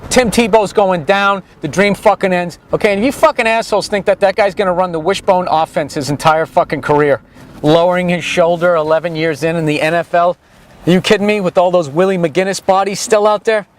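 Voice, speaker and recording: A man with a somewhat raised pitch tours a main street outdoors, tossing out profane, sarcastic jokes. His talk rambles and rants with comic edge, and faint street and traffic noise sits under his voice. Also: fairly even intonation, fairly quick. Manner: sarcastic, crude, ranting. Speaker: vlogger giving a street tour.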